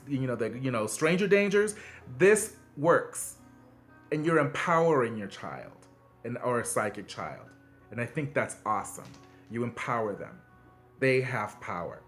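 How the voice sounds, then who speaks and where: Earnest man giving casual advice. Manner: conversational, frequent fillers and restarts; earnest and encouraging, emphatic swings in pitch. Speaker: video host giving parenting advice.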